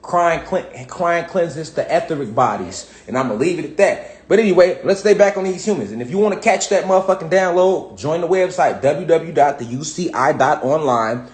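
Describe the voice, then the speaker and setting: A man's voice: fairly high pitch, lively intonation, moderate pace, few pauses. A man teaching a casual, rambling lesson from home, profane and full of repeated "you know what I'm saying.". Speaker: spiritual teacher. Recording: roomy echo.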